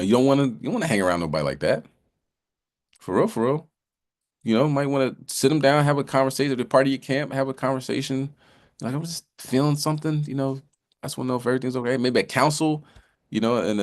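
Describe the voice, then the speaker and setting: A man giving a casual bible lesson, talking in a loose, conversational way with many restarts and repeated "you know"s. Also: fairly low pitch. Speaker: religious teacher.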